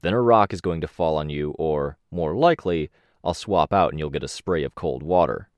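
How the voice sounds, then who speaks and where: A man voicing a bossy, teasing young teenage girl in an audiobook, impatient and bright. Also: rumbling low, moderate pace, dry recording, dull audio.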